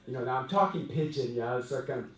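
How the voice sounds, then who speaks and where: A man from Hawaii, a company president, telling stories in a chatty, animated speech to his staff. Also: medium pitch, fast talker. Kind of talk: storytelling speech to employees. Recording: echoey room, voice from far off.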